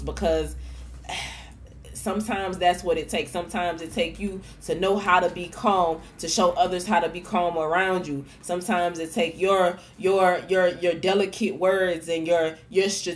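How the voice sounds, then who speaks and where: A woman's voice: lowish voice, a little hiss or hum. Profane, encouraging woman vlogger. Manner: loose, repeats and restarts words. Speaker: tarot reader and vlogger. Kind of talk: casual motivational tarot talk.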